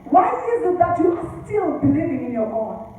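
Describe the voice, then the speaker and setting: A woman's voice: high-pitched, sing-song, normal speed, mellow, slight background noise. A woman preacher voicing a bitter grieving wife who throws scolding questions, heard in an echoey hall from a distant mic. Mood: scornful.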